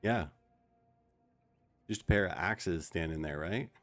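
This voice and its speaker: A male game streamer in a relaxed, joking chat with viewers, talking a friend through the game. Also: sits low, unhurried, soft background music. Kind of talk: casual gaming chat with viewers.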